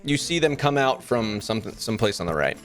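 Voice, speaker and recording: A man's voice: mid-range voice, animated, a little fast, soft background music. A man narrating as game master of a tabletop game, rambling with many ums and likes.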